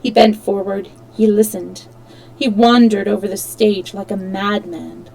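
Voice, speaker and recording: A woman reading a classic novel aloud on a livestream, expressive, now and then stumbling and correcting herself. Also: mid-range voice, unhurried, vocal fry, rough recording. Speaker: storyteller.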